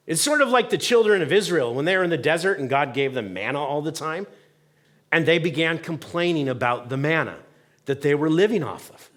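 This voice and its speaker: A male pastor preaching in a church, with a fairly high voice that swings widely in pitch. He talks conversationally, uses fillers, and asks the congregation questions. He acts out the voices in the Bible story as he goes. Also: normal speed. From United States. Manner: animated, acts out voices of people and God in quotes. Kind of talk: sermon. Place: church sanctuary.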